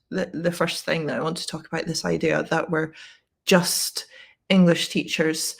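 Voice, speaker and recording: A woman's voice: fairly low pitch, creaky, breathy edge. A Scottish woman who teaches English, telling a story to camera in a chatty way with lots of fillers and restarts. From Scotland.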